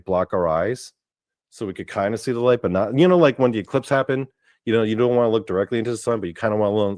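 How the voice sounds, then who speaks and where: Young male host, low-pitched, loose rambling storyteller who swears and fills every pause with "like". Dry and close. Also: darkish tone, no echo. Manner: rambling, full of "like" fillers and cursing. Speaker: podcast host. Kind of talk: casual storytelling.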